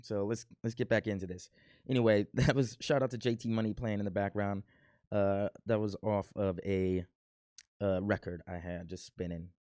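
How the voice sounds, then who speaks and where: A man's voice: fairly low pitch, steady tone, normal speed, darkish tone, no echo, studio quality. A man casually commenting on his own old home video, joking and playfully boasting about himself. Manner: self-mocking, playfully boastful. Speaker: reaction video host.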